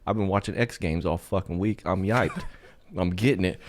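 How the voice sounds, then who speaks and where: A man's voice: deep voice, normal speed. A man co-hosting a podcast, telling a rambling, profane story in casual chat and leaning hard on "like". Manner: profane, rambling, heavy use of "like"; animated when telling stories. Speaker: podcast co-host.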